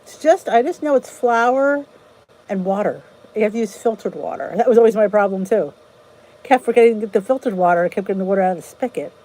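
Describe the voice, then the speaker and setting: A woman's voice: fairly high pitch, dark tone, low-quality recording. A woman hosting a casual livestream chat, greeting viewers by name and answering their comments in a rambling, chatty way. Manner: rambling with frequent restarts. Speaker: channel host.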